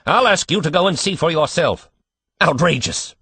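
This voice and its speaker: A man's voice: a little high, very animated, moderate pace, husky, dry recording, pitched above the performer's own voice, full character voice. A man doing a curt, irritable old doctor. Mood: irritated. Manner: sharp, curt, indignant.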